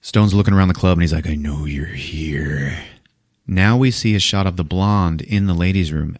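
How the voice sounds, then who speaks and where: In a studio-quality recording with no echo, a low-pitched male podcast host casually recaps a film. He acts out the characters in animated fashion, with plenty of profanity.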